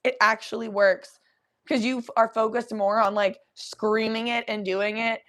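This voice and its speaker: A young adult woman hosting a podcast, telling a story in an animated, profane, laughing way. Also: a little high, moderate pace. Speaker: podcast host. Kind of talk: casual storytelling.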